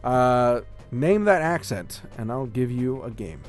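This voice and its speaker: A man co-hosting a casual gaming podcast, rambling with lots of fillers and getting excited about what he likes. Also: medium pitch, a little slow, faint music behind. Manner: rambling, filler-heavy, enthusiastic. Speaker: podcast co-host. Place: home room with a shelf of collectibles.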